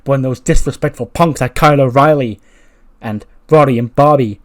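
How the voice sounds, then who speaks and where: A man doing a cocky male wrestler, boasting loudly and leaning on his catchphrase. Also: medium pitch, normal speed, natural voice. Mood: boastful. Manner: loud, boastful, catchphrase-heavy. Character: cocky male wrestler telling a story, brash.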